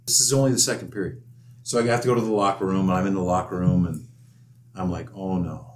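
A former hockey enforcer telling lively stories in casual chat, laughing often. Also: male voice, deep voice, fast talker. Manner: animated anecdotes, laughs often. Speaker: retired hockey enforcer guest. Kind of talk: casual storytelling.

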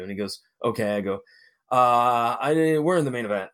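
A middle-aged man from Ohio, an interview guest who works as a wrestling manager and promoter, tells a long story casually, rambling with fillers and restarts. His mid-range voice is expressive, brisk and a bit bright.

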